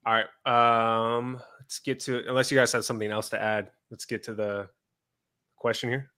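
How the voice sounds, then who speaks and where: A podcast host who reads listener questions aloud and nudges the group to the next topic. His voice is bright and forceful, with the close, dry sound of a podcast mic. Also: medium pitch, little pitch movement, moderate pace, clean tone, no room sound. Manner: easygoing moderator who keeps the show moving. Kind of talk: casual chat.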